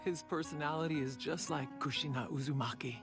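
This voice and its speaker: A proud, blunt woman leading a ninja village in an anime dub. She speaks firmly and plainly, her voice low and even, with soft music running under it. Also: a little fast. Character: proud adult female ninja leader, blunt. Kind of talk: anime English dub acting.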